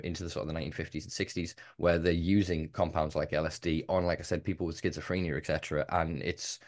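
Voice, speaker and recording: Man, fairly low voice, podcast host, impassioned, swears a lot, rambling rants. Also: darkish tone. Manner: impassioned, swears freely, long run-on rants. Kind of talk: casual podcast conversation.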